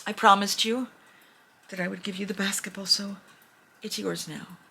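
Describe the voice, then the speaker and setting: An earnest, honest little girl in a spoken fairy tale, voiced by a woman storyteller, worried about being fair. Her voice is bright with a gravelly rasp. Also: mid-range voice, steady tone, moderate pace, a little hiss or hum.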